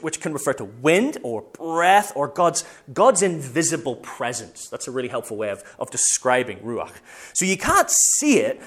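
A man preaching a sermon in a church meeting room, in a casual, conversational way, correcting himself as he goes. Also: fairly high pitch. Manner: conversational, self-correcting, animated storytelling.

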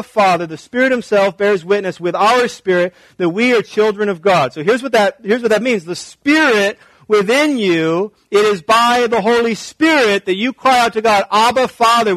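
A man in his thirties preaching a sermon, swinging from hushed, intimate talk to raised, emphatic repetition. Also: high voice, no echo, low-quality recording. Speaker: pastor.

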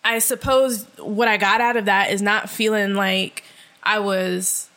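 A woman co-hosting a podcast, sharing reflective stories in casual, expressive chat. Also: mid-range voice, a little slow. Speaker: podcast co-host.

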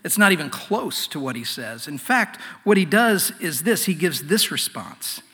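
A man preaching a sermon in an earnest way, often dropping to a hushed voice. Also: a little high, very animated, moderate pace, husky. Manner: earnest, swings from loud to hushed. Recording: long hall reverb.

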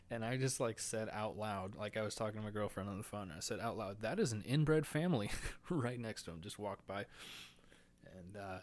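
A man's voice: lowish voice, normal speed, long pauses. A young man hosting a solo podcast, rambling crude and profane, nervous and a bit short of breath, laughing at his own jokes. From United States. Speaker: podcast host. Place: indoors, talking alone into a mic.

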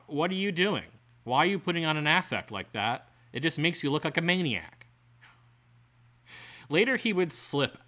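A man with a bright, forceful voice reads an article aloud on a podcast. He keeps breaking off into sarcastic remarks and exasperated rants. His pitch sits in an ordinary middle range for a man. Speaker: podcast co-host. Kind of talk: reading an article aloud with commentary.

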